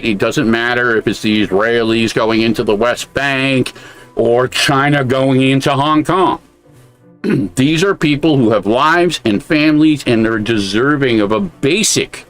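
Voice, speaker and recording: A man's voice: medium pitch, a little slow, fairly bright tone, faint music behind. An American man co-hosting a podcast, giving blunt, casual commentary with a lot of swearing. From United States. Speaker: podcast co-host.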